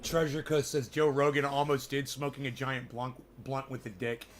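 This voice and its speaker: A man livestreaming and chatting with his viewers, swearing freely and ranting between long filler pauses. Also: medium pitch, level tone, slight background noise. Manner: profane, ranting, full of fillers. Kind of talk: casual livestream chat.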